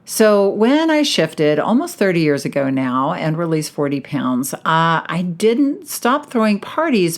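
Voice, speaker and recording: A woman around sixty hosting a podcast, talking in a chatty, animated storytelling way that often breaks into laughter. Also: sits low. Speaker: podcast host, hypnotherapist. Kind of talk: casual podcast monologue.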